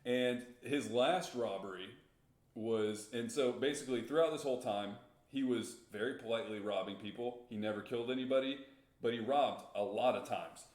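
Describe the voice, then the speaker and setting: A man's voice: mid-range voice, normal speed, darkish tone, reverberant. A man co-hosting a podcast, casually retelling a story with rambling restarts and chuckles. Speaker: podcast co-host.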